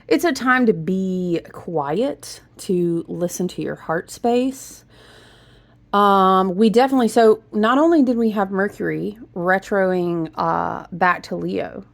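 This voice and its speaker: This spiritual reader speaks in a lowish, creaky voice and keeps things casual and chatty. Animated and rambling, she interrupts herself mid-thought, drops a y'all, and slips into humming and hushing.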